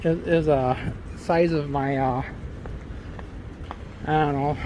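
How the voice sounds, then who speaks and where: A man's voice: fairly high pitch, fairly even intonation, slow pace, noisy background. A middle-aged man filming a casual travel vlog on a handheld phone, walking a city sidewalk and chatting with many fillers and joking asides. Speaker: travel vlogger and channel host. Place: outdoors on a city sidewalk, then in a small car. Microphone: handheld phone camera.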